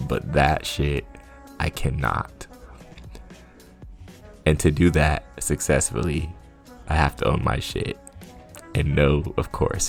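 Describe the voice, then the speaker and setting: Sarcastic man with a very deep voice. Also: gravelly. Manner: sarcastic, laughing, profane. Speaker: commentary channel host. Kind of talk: casual commentary rant.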